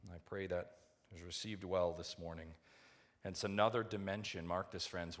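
A man preaching a sermon to his church, asking rhetorical questions and swinging from hushed asides to loud, emphatic build-ups. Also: low-pitched. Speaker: pastor.

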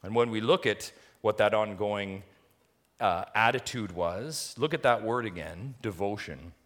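A man preaching a sermon, emphatic and full of rhetorical questions, swinging between quiet stretches and loud, rising lines. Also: on the low side, a little slow. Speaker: pastor.

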